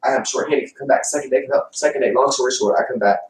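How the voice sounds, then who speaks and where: A man on a livestream telling a long, profane story fast and acting out what people said. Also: medium pitch, slight background noise. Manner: fast, profane storytelling, acts out quotes loudly. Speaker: livestream host. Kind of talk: casual chat. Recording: echoey room, far from the mic.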